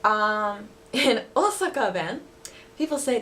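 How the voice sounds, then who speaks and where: A woman's voice: mid-range voice, moderate pace, a bit bright. A young woman teaching words in a casual lesson, chatty, laughing often and using many fillers. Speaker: language teacher vlogger. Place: living in Osaka.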